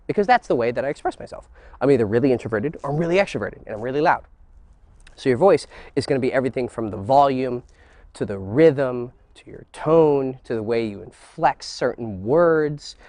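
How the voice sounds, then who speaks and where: A man giving a dating lesson, switching between teacherly explanation and excited, crude joking, swearing casually. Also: medium pitch, a little fast, no room sound. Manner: animated, mixes teacherly talk with excited crude jokes. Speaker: dating coach. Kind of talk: instructional monologue.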